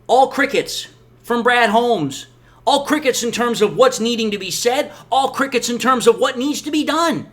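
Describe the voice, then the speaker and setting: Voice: mid-range voice, lively intonation, moderate pace, a bit bright. A sports channel host giving emphatic, exasperated opinion commentary on football. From Detroit area, USA.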